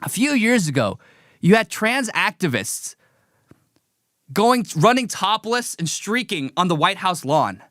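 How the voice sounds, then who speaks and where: A man's voice: high voice, big pitch swings, a little slow, a bit bright, no echo, studio quality. A man hosting a live political commentary stream, talking in a heated, emphatic and mocking way.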